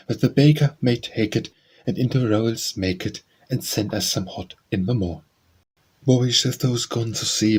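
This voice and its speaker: A man reading nursery rhymes aloud as an audiobook narrator, announcing each title and author before a measured sing-song recitation. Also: on the low side, darkish tone, husky.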